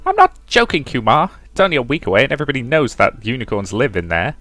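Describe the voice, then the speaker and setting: A man's voice: mid-range voice, huge pitch swings, fast talker, sharp tone, soft background music, exaggerated voice. A man voicing a brash, boastful young adventurer woman, reading game dialogue aloud. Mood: eager. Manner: boastful, theatrical.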